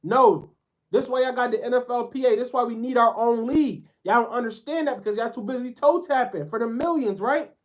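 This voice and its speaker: A man's voice: very high-pitched, fairly quick. A man giving a heated sports commentary rant, talking bluntly in profane slang.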